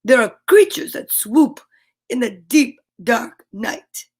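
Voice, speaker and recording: A woman's voice: fairly high pitch, slow, breathy edge. A woman voicing a floppy-winged male vampire in a storybook, with a soothing bedtime-warning manner.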